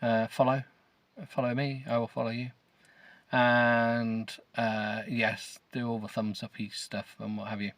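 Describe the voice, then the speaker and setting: A man's voice: mid-range voice, little pitch movement, a little slow, fairly bright tone, no echo. A middle-aged man hosting a podcast, reading a novel aloud with sarcasm, swearing and stumbling over words. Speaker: podcast host. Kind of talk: mocking comedic reading of a novel.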